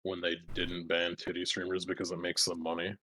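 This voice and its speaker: A man's voice: sits low, completely flat delivery, brisk, sharp tone, slight background noise, rough recording. A man playing a tabletop game, making crude wisecracks. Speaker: player. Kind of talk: casual tabletop game chat.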